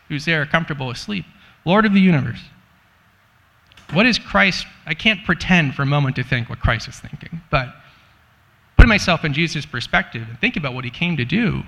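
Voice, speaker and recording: A man's voice: on the high side, sharp tone. Chatty man teaching in an echoey hall. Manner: chatty and joking, many "like" and "you know" fillers. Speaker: Bible teacher. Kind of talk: casual sermon.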